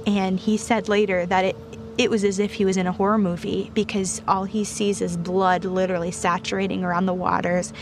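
Gravelly woman with a flat delivery. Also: mid-range voice. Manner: earnest, faith-filled retelling with pauses. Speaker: guest storyteller. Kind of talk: personal testimony. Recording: noisy recording.

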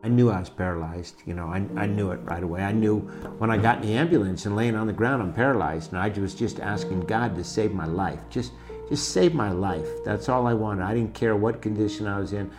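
A middle-aged man telling his own life story in a halting, emotional way, with many restarts. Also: lowish voice, over music. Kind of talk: personal testimony.

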